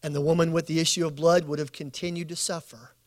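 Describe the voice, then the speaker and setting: A man preaching at a bible study, telling stories with acted quotes and building slow emphatic lists. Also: fairly high pitch, level tone. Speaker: pastor.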